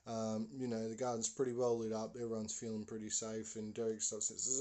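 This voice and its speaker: A man's voice: fairly low pitch, completely flat delivery, a little fast, mellow. A man hosting a podcast, telling a story casually and rambling with lots of fillers. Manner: rambling, full of "you know" fillers. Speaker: podcast host.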